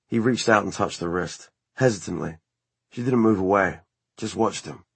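A man reading an audiobook in a measured, even narration style. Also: on the low side, creaky, husky, no room sound.

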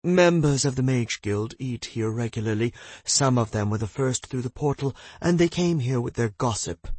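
A man's voice: mid-range voice, expressive, moderate pace, a little mellow, husky, no room sound, voice pushed up. A man voicing a vain, gossipy woman who runs a house, talking proudly and smugly. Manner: proud, smug, chatty.

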